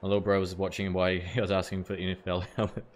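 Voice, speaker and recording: A man's voice: deep voice, completely flat delivery, quick pace. A man streaming a cricket video game live, chatting casually with viewers and swearing now and then. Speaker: gaming streamer.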